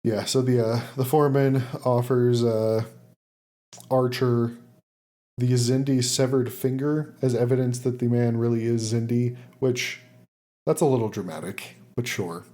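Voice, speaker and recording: A man with a medium-pitched, dark-toned voice and fairly even intonation co-hosts a podcast, unhurriedly summarizing the episode. It's a casual chat, full of fillers and laughs.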